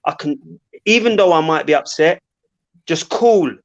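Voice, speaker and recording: An older man speaks in a fairly high voice, stumbling and restarting as he explains himself. He is a guest in a casual panel discussion and talks in a measured, searching way. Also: animated, vocal fry, muffled recording. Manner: hesitant, restarts often.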